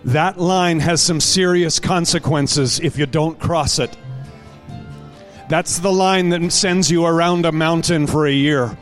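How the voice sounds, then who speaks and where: A man's voice: a little high, unhurried, faint music behind. A male pastor exhorting a congregation and then praying, earnest and urgent, building in intensity. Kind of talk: sermon and prayer.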